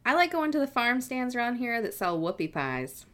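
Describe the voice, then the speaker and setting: A woman co-hosts a podcast in loose, playful chat. Her pitch moves all over the place as she jokes around and slips into sing-song asides. She keeps riffing on her friend's stories. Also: very animated, normal speed, fairly bright tone. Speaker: podcast co-host. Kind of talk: casual chat.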